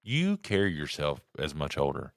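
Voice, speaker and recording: A man's voice: rumbling low, wildly swooping pitch, normal speed, vocal fry, no room sound, studio quality. A man co-hosting a podcast, chatting casually in an easygoing, teasing way. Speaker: podcast co-host. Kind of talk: casual chat.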